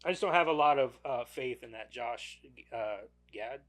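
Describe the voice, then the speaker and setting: A man's voice: medium pitch, animated, moderate pace, a bit bright. A man co-hosting a casual movie podcast, enthusiastic, swearing freely and repeating words as he talks. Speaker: podcast co-host.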